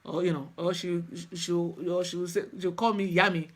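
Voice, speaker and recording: A woman's voice: lowish voice, fairly even intonation. Earnest middle-aged woman. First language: Yoruba. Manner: earnest, halting, with many restarts. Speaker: spiritual practitioner. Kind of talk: personal storytelling talk.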